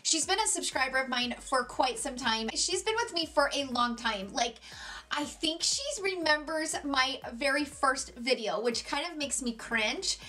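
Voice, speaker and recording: Bright, gushing woman beauty vlogger. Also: sits high, expressive, a little slow. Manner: gushing, enthusiastic, rambling. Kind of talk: chatty unboxing vlog.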